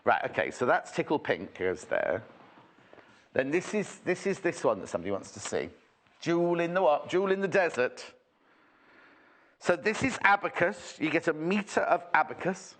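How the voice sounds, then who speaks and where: A man's voice: on the high side, expressive, normal speed, a bit bright. A man presenting a TV shopping show in a chatty, rambling, jokey way, full of asides. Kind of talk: chatty live sales presentation.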